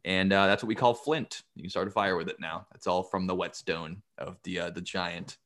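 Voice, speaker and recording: A man's voice: low voice, fairly even intonation, moderate pace, a bit bright. A man hosting a podcast, retelling myths in a jokey, rambling casual way. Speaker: podcast host. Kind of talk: casual storytelling.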